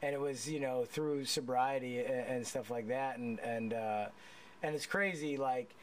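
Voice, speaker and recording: A man's voice: medium pitch, measured pace. A man hosting a casual chat, telling profane stories with a lot of laughter and restarts. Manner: rambling with many restarts.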